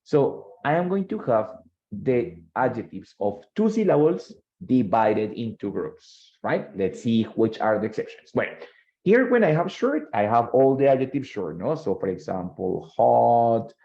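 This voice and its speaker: A man's voice: medium pitch, big pitch swings, a little slow, creaky, dark tone, dull audio. Man teaching English in a voice. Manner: switches between English and Spanish, quizzes students. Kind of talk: bilingual classroom lesson.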